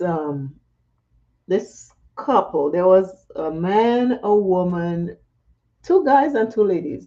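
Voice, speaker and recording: A Caribbean makeup vlogger chats casually and laughs often while doing her makeup for a vlog. Her voice sits on the low side with a darkish tone, and the recording has a dull, lo-fi sound.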